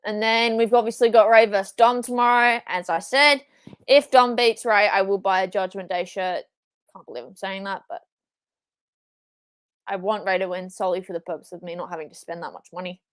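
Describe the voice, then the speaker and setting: A young Australian woman streaming a live wrestling watchalong, excitable, swearing and shouting at big moves. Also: mid-range voice, a little fast, no room sound. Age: young adult.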